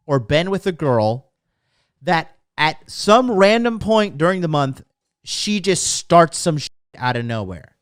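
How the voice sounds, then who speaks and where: A man's voice: fairly high pitch, smooth, no room sound, clean studio sound. A young man hosting a casual livestream as a dating coach, brash and profane as he lectures and reads comments.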